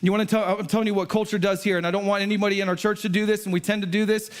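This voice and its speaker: High-voiced pastor preaching casually. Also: male voice, little pitch movement, racing. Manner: casual, conversational preaching that swells to emphatic climaxes. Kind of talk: sermon. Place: church sanctuary.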